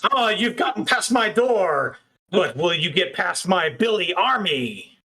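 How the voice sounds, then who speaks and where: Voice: mid-range voice, very animated, a little slow, sharp tone, exaggerated voice. A man voicing a gloating villain who taunts through a mechanical intercom. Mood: taunting. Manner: taunting, smug.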